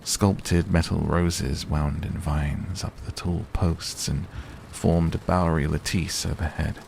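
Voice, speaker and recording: A man narrating a bedtime sleep story in a soft, soothing whispered role-play manner. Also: very deep voice, fairly even intonation, slow pace, vocal fry, a little hiss or hum. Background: faint rain ambience.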